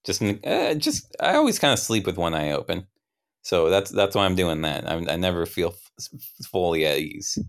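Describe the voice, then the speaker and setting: A young man with a low, resonant voice narrates his character's memory in an improvised tabletop game. He rambles and interrupts himself, dropping wry asides along the way. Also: very animated, moderate pace, clean tone.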